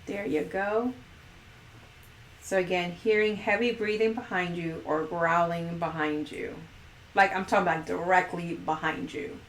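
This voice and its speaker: A woman's voice: fairly low pitch, steady tone, unhurried, reverberant, slight background noise. A woman hosting a casual livestream chat, playful and giggly as she reads out poll questions. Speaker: host.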